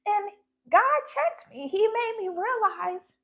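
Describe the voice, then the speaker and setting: A woman's voice: extremely high pitch, lively intonation, takes it slowly, creaky, a bit bright. A woman in her thirties talking candidly and emotionally about her faith. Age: 30s. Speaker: spiritual vlogger. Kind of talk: casual faith talk.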